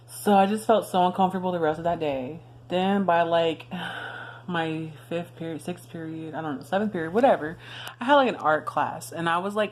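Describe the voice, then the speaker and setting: A young woman recounts a personal story in a loose, frank vlog style, peppering her speech with fillers and the odd curse. Her voice sits a little on the low side. A faint hum runs underneath. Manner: casual, frank, swears freely, many fillers. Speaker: vlogger.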